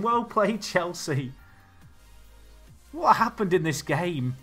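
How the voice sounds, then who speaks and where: An excitable man commentates on his own football management game during a live stream, going from low, nervous muttering to loud, panicked shouts. His voice sits a touch high and sounds bright and tense. Faint music plays behind him. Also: takes it slowly, pauses often, breathy edge. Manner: nervous, excitable, swings between mutters and yelling.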